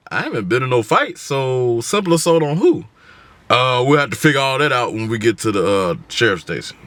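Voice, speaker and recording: A man telling an animated, slangy story from his car, acting out every voice he quotes. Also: on the high side, no room sound. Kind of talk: casual storytime. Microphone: camera in the car.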